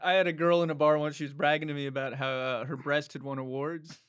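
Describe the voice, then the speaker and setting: A man co-hosting a comedy talk show, tossing in quick teasing quips and laughing often. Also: on the high side, flat delivery, fairly bright tone, smooth, no echo. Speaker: co-host, comedian. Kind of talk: casual chat.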